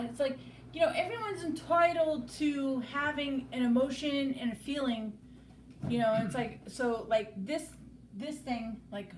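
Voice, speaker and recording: A woman on a live stream chatting casually, rambling and swearing freely, circling back to "you know, it's like". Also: sits high. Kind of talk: casual chat. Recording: roomy, distant mic, faint background noise.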